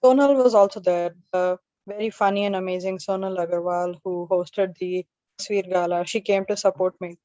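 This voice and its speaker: A woman's voice: on the low side, fairly even intonation, normal speed, mellow, no echo, lo-fi sound. Chatty woman emcee. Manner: chatty, self-deprecating storytelling. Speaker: open mic emcee and comedian. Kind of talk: stand-up comedy at an open mic.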